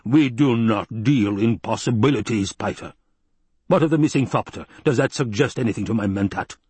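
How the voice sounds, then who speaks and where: A man's voice: mid-range voice, moderate pace, a little mellow, husky, no echo, lightly acted. A man voicing a cruel, imperious fat baron who snaps out demands and questions. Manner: snappish and demanding.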